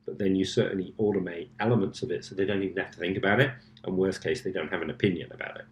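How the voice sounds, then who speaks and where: A man's voice: low voice, steady tone, rapid-fire, slight background noise. A man as a guest in a casual interview chat, speaking confidently in short, punchy phrases. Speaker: guest executive. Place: conference venue. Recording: roomy echo.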